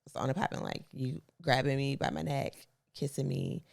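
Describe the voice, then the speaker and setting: A woman's voice: extremely low pitch, lively intonation, moderate pace, creaky, darkish tone. A woman co-hosting a podcast, chatting casually and teasing her partner with frequent laughter. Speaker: podcast co-host. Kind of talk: casual couple chat.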